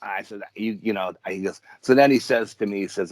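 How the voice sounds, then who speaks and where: A man's voice: on the low side, brisk, hardly any pauses, a little mellow, dry recording. A man with a New York accent, an interview guest rambling through a long story and acting out quoted dialogue. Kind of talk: casual storytelling.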